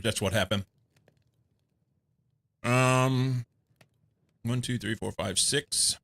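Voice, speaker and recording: This English gamer streams while playing, slowly mulling things over and talking both to chat and to himself. His mid-range voice is pushed and bright, with slight background noise in the clip.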